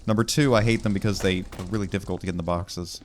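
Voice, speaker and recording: A man's voice: sits low, steady tone, fast talker, slight background noise. Rambling young man narrating gameplay. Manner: rambling, wry storytelling with many fillers. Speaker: gaming video creator. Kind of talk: casual gameplay commentary.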